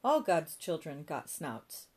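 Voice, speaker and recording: A woman reading a storybook voicing a sly, teasing male monkey boy who drawls slowly. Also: fairly low pitch, expressive, a little mellow. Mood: singsong.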